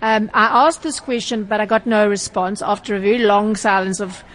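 A woman's voice: medium pitch, fairly even intonation, normal speed, fairly bright tone. A woman explaining consumer rules on radio, a little hesitant and full of fillers. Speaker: consumer journalist. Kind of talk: radio consumer advice chat.

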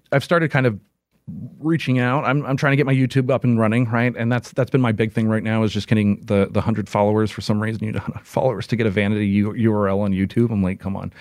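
A man's voice: mid-range voice, no echo, clean studio sound. Rambling, chatty male interview guest. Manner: rambling, full of "like" and restarts, laughs often. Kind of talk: casual interview chat.

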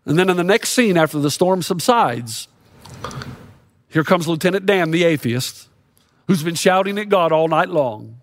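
A man's voice: on the high side, animated, moderate pace, a little hiss or hum. A middle-aged man preaching a sermon as a pastor, telling stories and acting out quoted lines with rising intensity.

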